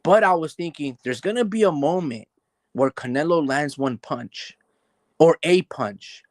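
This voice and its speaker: A man talking casually about a boxing match as a podcast host, animated and loose, filling his talk with "like" and "bro" and acting out the fighters' thoughts. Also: a little high, a little slow, no room sound. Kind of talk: casual boxing analysis chat.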